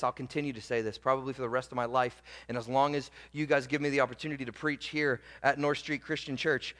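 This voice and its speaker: A man with a high voice delivers a sermon as pastor. He swings from loud, emphatic proclaiming down to quiet, low asides. His voice rings with the long reverb of a church hall.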